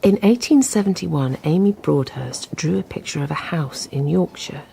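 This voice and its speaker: An earnest daughter, warm gravelly voice. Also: female voice, low-pitched, animated, moderate pace, slight background noise. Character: daughter researching her missing mother's family tree. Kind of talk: radio drama acting.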